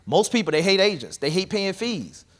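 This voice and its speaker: At normal speed and in a voice that sits high, a man gives a live real estate investing talk to a room. He coaches the audience directly in an energetic, conversational way.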